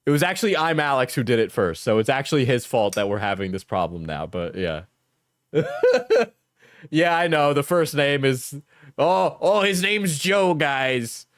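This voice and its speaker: A man's voice: medium pitch, animated, normal speed, a bit bright, no room sound, studio quality. A man streaming live and reacting to online drama, joking and laughing often as he talks to his chat. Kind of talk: casual livestream reaction commentary.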